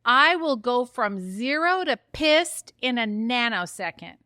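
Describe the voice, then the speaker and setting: A woman's voice: a little high, sing-song, sharp tone, clean tone, no room sound, studio quality. A woman hosting her own podcast, talking openly and chattily, poking fun at herself and getting fired up. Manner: open, chatty and self-mocking, fires up quickly. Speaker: podcast host. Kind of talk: candid solo podcast monologue.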